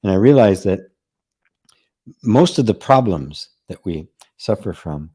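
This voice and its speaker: Relaxed man with a dark, mellow voice. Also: lowish voice, measured pace, husky. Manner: relaxed and conversational, laughing often, with frequent "right?". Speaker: spiritual teacher and host. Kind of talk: casual live-stream talk with viewer comments.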